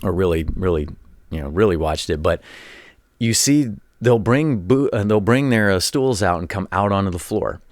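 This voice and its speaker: Low-voiced man rambling about sports. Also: expressive, moderate pace, no room sound, studio quality. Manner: rambling, repeats words, acts out quoted voices; former college coach telling anecdotes. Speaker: show host. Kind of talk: casual commentary monologue.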